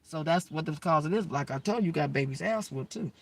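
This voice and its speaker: A woman telling personal stories in an animated, emphatic way, with slang, swearing and asides to listeners. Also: low voice, fast. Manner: animated, emphatic, addresses listeners as girl and y'all; slangy, profane, rambling. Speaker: storyteller. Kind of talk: casual personal storytelling.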